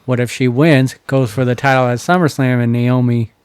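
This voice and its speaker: Podcast co-host, man, mid pitch, clean smooth voice, dry close mic, excited chat with restarts. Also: no echo. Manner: easygoing, halting restarts, enthusiastic. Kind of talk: casual wrestling chat.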